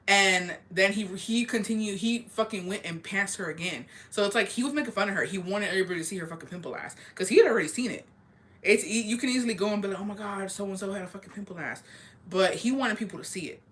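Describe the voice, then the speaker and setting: Telling a school-days story in casual conversation, this young streamer has a bright, forceful voice of medium pitch and a quick pace. Her talk is profane, blunt, and wandering.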